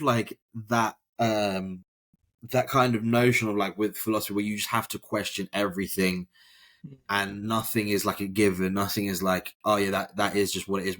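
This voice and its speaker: A man's voice: fairly low pitch, fairly bright tone. A British man hosting a podcast, chatting casually, rambling and laughing often. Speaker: podcast host. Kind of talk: casual conversation.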